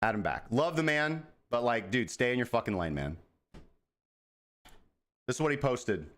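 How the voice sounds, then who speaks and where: A man's voice: mid-range voice, lively intonation, normal speed, fairly bright tone. Profane, rambling man hosting crypto talk. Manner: profane, rambling, self-mocking. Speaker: crypto trading show host. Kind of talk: casual market commentary.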